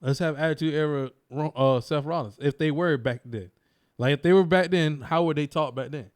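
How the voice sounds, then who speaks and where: Man, higher-pitched voice, casual podcast co-host, emphatic, animated rants. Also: brisk. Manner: animated, emphatic ranting with repeated slang.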